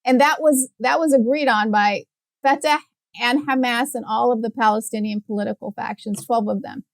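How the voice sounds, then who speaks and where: A woman guest expert answering in measured, steady explanations. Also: a little high, creaky, no room sound.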